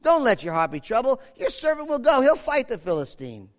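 Male preacher playing a bold shepherd boy, high lively voice, emphatic, echoey hall. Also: fairly quick. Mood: confident.

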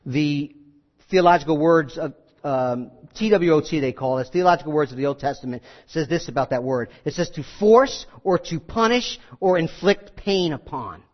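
A man's voice: fairly high pitch, normal speed, lo-fi sound. A middle-aged male pastor preaching a conversational sermon and acting out the scenes he tells.

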